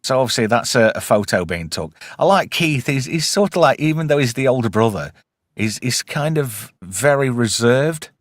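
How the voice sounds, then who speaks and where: Animated man recapping a show. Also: mid-range voice, moderate pace, no room sound, studio quality. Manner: animated, swears freely, recaps episodes with acted quotes. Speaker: podcast host. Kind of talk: casual chat.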